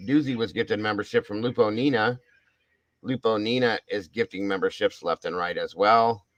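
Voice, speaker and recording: A man's voice: lowish voice, fairly even intonation, normal speed, fairly bright tone, dry recording, rough recording. Effusive older man hosting a live stream. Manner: effusive, thanking viewers by name. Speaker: livestream host. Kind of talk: casual live-stream chat.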